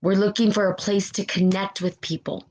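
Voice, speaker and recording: On a low-quality recording, a woman with a slightly mellow mid-range voice speaks at normal speed with little pitch movement. Hosting a spiritual live stream, she reads viewer comments and delivers an impassioned motivational talk, near tears, repeating phrases and asking "right?" again and again.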